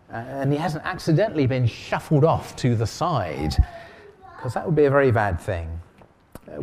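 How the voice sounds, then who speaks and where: A man's voice: mid-range voice, a little mellow. A man preaching in an easygoing, conversational way. His voice rises and falls a lot as he asks the congregation question after question. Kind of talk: sermon.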